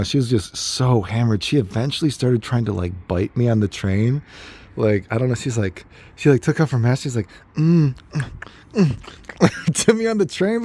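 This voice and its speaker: A young adult man telling casual anecdotes in an animated, rambling way, full of fillers and laughter. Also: on the low side. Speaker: storyteller.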